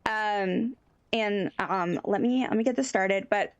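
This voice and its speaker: A woman streamer chatting casually on a live stream, animated and giggly. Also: mid-range voice, takes it slowly, no room sound.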